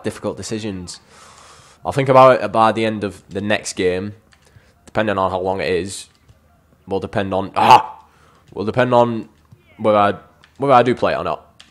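A man giving chatty let's-play game commentary, addressing viewers as lads and breaking into frustrated shouts at the game. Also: lowish voice. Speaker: gaming YouTuber.

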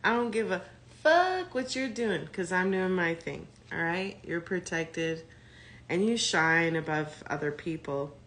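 A woman's voice: fairly low pitch, lively intonation, unhurried, a bit bright. A woman voicing a carefree, defiant woman who swears cheerfully and brushes off anyone who talks about her. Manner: brash, swearing, laughing.

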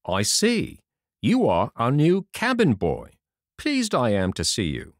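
A man voicing a hearty, cunning one-legged pirate innkeeper who talks loud and commanding. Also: a little high, huge pitch swings, normal speed, dry recording, studio quality, pitched above the performer's own voice.

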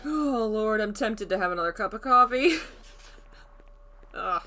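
A woman's voice: mid-range voice, animated, measured pace, bright, forceful tone, soft background music. A woman streaming a horror game, chatting casually, thinking aloud, greeting viewers and laughing often. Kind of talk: casual let's-play commentary.

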